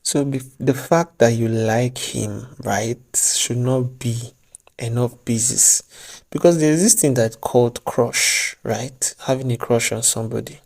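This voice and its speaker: A man's voice: medium pitch, a little slow, vocal fry, darkish tone. A man giving casual relationship advice to camera, chatty and joking at his own expense. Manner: chatty, joking asides, laughs at himself. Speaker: vlogger.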